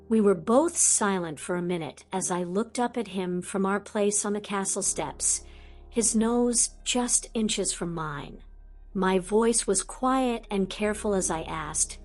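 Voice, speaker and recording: Soft-spoken woman narrating an audiobook. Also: medium pitch, a little slow, soft background music. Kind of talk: first-person audiobook narration.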